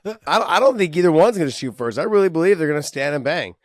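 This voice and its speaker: A man's voice: on the high side, animated, fast talker, dry recording. Loose, laughing man in a dry room. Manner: laughs easily, loose and profane, thinks aloud with fillers. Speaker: podcast co-host. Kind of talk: casual MMA podcast chat.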